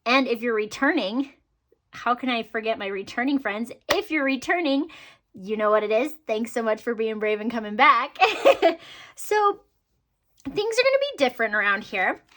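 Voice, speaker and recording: A woman's voice: fairly high pitch, animated, fairly quick, pushed and bright. A woman vlogger chatting casually to her viewers about her budget, upbeat, with frequent ums and laughs. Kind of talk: casual chat to camera.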